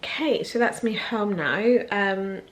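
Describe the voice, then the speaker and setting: A young woman talks to the camera she holds in her hand, sitting at home. She sounds emotional and close to tears as she rambles through her thoughts. Her speech is casual and full of pauses and ums. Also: medium pitch, animated. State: teary and tired. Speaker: vlogger. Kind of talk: casual vlog chat. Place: at home indoors. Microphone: handheld camera.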